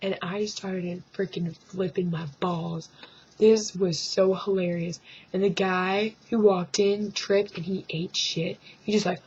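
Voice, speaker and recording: At home in front of her webcam, a woman rambles through a comic rant, putting on mock voices and whispering asides. Her mid-range voice is slow, steady, darkish and a bit rough, and the webcam microphone makes it sound dull and lo-fi.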